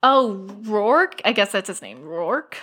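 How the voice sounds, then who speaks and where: A woman's voice: medium pitch, slow pace. A woman chatting casually, retelling a story with lots of energy. She slips into little voices for each character and laughs as she goes. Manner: animated storytelling, acting out characters' lines with laughs. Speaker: podcast co-host retelling a story. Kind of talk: casual chat.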